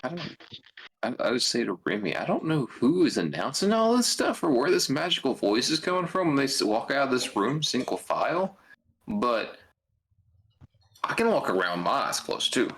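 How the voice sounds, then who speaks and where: Lively, wry man playing a tabletop game. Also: mid-range voice, normal speed, poor audio. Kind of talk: casual chat.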